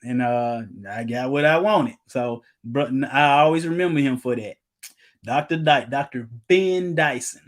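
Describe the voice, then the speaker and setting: A man preaching informally, reading quotations aloud and telling personal stories, with loud emphatic outbursts. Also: medium pitch, measured pace. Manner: casual, storytelling, breaks into loud emphatic outbursts.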